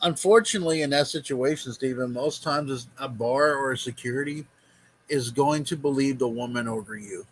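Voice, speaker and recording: A man's voice: mid-range voice, fairly quick, a little hiss or hum, rough recording. A man hosting a reaction video, giving blunt, profane advice in casual commentary. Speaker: vlog host reacting to a video.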